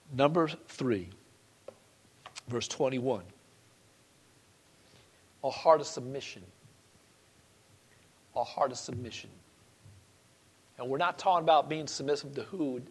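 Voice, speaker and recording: A man's voice: medium pitch, slightly rough. A man preaching a sermon as pastor, emphatic, repeating key phrases and putting questions to the congregation.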